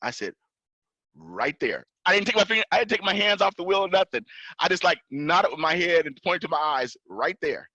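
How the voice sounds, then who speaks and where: A man with a high-sitting voice talks fast as a podcast guest, a pilot and entrepreneur sharing a personal story in casual chat. He animatedly acts out the officers' lines in a raised voice. The dry, lo-fi audio sounds dull with no room sound.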